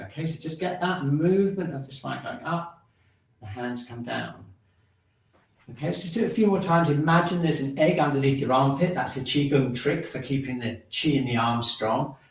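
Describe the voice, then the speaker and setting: A man teaching a shiatsu and qigong class, calmly cueing breathing and movement and checking in with "okay?" as he goes. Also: medium pitch. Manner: calm, repetitive cueing with frequent "okay?" check-ins. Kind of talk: guided breathing exercise class. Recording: roomy sound, mic at a distance.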